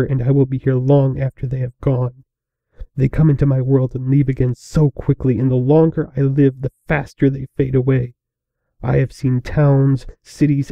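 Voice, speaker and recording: A man voicing an ancient, regal female princess who speaks calmly and formally. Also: medium pitch, creaky, dry recording, muffled recording, lightly acted. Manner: calm, formal.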